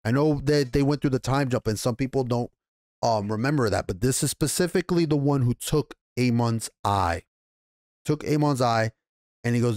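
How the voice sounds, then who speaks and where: A man's voice: medium pitch, normal speed, darkish tone, no echo, studio quality. A man with a New York accent casually recapping and reviewing an episode, swearing freely and acting out the characters' lines as he goes. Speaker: show reviewer.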